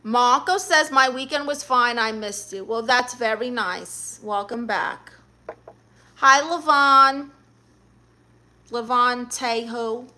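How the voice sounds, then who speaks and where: A woman's voice: on the high side, unhurried, hardly any pauses, sharp tone. A woman hosting a casual livestream, reading viewer comments aloud and answering them in a sassy way that keeps calling people honey. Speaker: livestream host.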